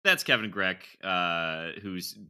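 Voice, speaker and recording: Guy hosting a sports pod, super bright lively voice, laughs a lot, loose banter. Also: low-pitched, slow, clear, resonant tone. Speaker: podcast host. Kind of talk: casual sports podcast chat.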